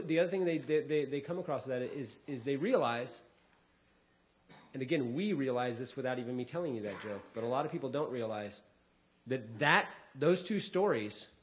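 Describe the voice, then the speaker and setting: A man doing a stand-up comedy set, telling a story with energy and slipping into voices for the people in it. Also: medium pitch. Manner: animated storytelling, acting out voices. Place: lecture hall with a live audience.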